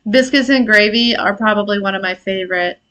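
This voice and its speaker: A woman's voice: medium pitch, brisk, a bit bright. A woman in her thirties hosting a casual live intuitive reading, chatty and laughing, swearing casually and answering chat comments. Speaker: intuitive reader and live stream host. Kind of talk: casual live-stream tarot-style reading.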